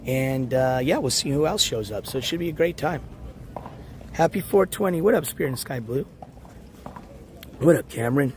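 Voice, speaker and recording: An IRL livestreamer walks outdoors in the morning talking into his phone, rambling casually and greeting viewers in chat. His raspy, worn-out, darkish voice sits at a middle pitch, animated at normal speed with long pauses. He is hoarse and losing his voice, and a faint outdoor hiss runs behind him.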